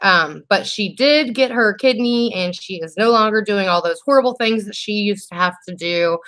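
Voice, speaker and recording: A woman hosting a live makeup tutorial and talking straight to her viewers. She is chatty and heartfelt, and she often trips over her words and restarts her sentences. Her pitch sits in a mid range for a woman. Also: moderate pace, fairly bright tone. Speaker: makeup vlogger host.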